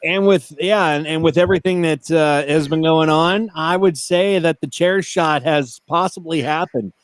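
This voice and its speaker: A man's voice: fairly high pitch, normal speed, clean tone, no room sound. A man co-hosting a casual wrestling podcast, joking around and calling out hype introductions like a ring announcer. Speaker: podcast co-host.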